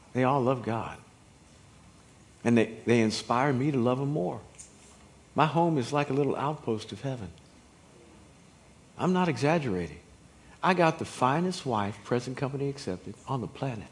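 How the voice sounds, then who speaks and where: A man in his fifties preaching a sermon in an emphatic, folksy way that rises to shouts. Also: medium pitch. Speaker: pastor.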